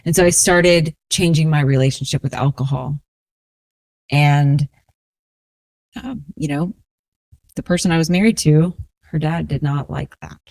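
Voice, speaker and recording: A woman in her forties from New Orleans, a resilience coach telling her personal story as a podcast guest in a slow, reflective, earnest way. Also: deep voice, vocal fry, a little mellow, dry recording. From New Orleans, USA.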